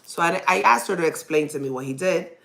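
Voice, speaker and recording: A woman's voice: on the low side, a little fast, creaky, fairly bright tone. A mother hosting her own podcast, telling a personal story in a candid, rambling way and laughing when nervous.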